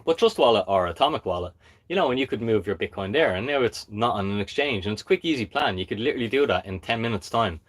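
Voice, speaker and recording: Male live-stream host, lower voice, blunt and emphatic, keeps asking "okay?". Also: lively intonation, fast talker. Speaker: crypto channel host.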